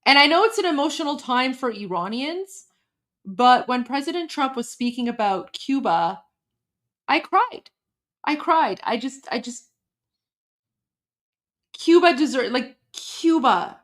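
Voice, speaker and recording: A woman hosts a casual live stream in a high, bright-pitched voice. She talks with open emotion and rambles, cutting herself off and starting again mid-thought. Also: sing-song, a little slow. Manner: emotional, rambling, breaks off and restarts often. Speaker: livestream host.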